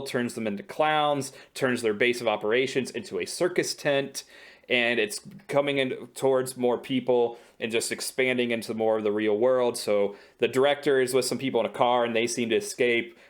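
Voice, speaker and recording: Man rambling through a show recap. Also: medium pitch. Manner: rambling, self-correcting storyteller. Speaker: podcast co-host. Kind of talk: casual episode recap.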